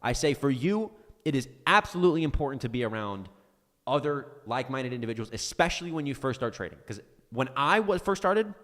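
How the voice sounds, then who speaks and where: A man's voice: medium pitch, big pitch swings, brisk, fairly bright tone, big-room sound. A man who mentors traders, ranting intensely on a live stream as he answers viewer questions, swearing often and stumbling over restarts.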